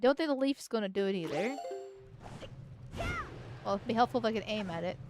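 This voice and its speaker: A woman's voice: mid-range voice, lively intonation, brisk, over music. A woman streamer giving gameplay commentary in a crude, rambling way, swearing a lot.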